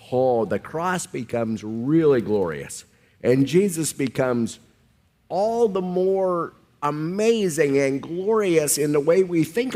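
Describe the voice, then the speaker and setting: Male pastor, animated, higher voice, casual and enthusiastic. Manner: enthusiastic, uses casual examples. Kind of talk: sermon discussion.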